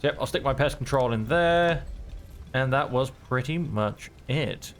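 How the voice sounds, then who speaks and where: A man giving relaxed, chatty commentary while playing a video game, thinking aloud as he goes. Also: medium pitch, a little slow, slight background noise. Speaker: gameplay streamer. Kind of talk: relaxed let's-play commentary.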